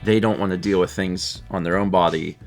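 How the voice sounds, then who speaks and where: A man's voice: low voice, steady tone, a little fast, faint music behind. A man co-hosting a live stream, chatting casually and reading out viewer messages with a laid-back manner and frequent chuckles.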